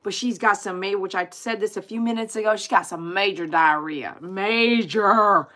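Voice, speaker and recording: A woman chatting casually with viewers on her livestream, animated and exclaiming as she reads comments aloud. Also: mid-range voice, normal speed. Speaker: dog groomer hosting a livestream.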